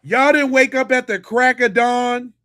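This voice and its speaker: A man's voice: very high voice, fairly even intonation, a little slow, bright, forceful tone, smooth. A middle-aged man hosting a podcast, giving mocking, incredulous, slangy commentary on a clip.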